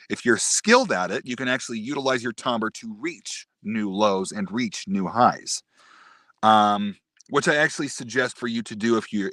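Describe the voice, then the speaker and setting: A man teaching voice technique on a live stream, explaining patiently and demonstrating pitch and resonance himself. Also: fairly bright tone, no echo, clean studio sound. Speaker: voice acting teacher.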